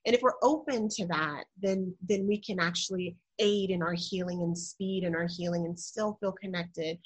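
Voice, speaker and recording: Animated woman telling a personal story. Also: normal speed, slightly rough, rough recording. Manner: animated, re-enacts dialogue with rising pitch. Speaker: guest.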